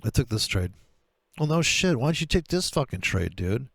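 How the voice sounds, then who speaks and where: A man talking through trading charts in a profane, sarcastic rant, with a gravelly voice. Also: medium pitch, big pitch swings, moderate pace, no room sound. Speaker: trader. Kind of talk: screen-share trading commentary.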